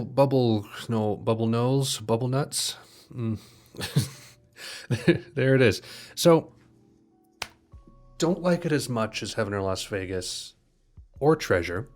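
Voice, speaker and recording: A man casually reacting to a music album, talking in a loose, rambling way and often correcting himself. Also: lowish voice. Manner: rambling, relaxed, self-correcting. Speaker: music reviewer.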